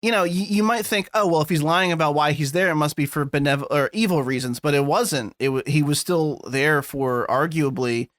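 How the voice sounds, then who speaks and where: A man's voice: a little high, normal speed, few pauses, fairly bright tone, dry recording, studio quality. A man co-hosting a podcast, chatting casually and rambling, swearing now and then. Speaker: podcast co-host. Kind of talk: casual chat.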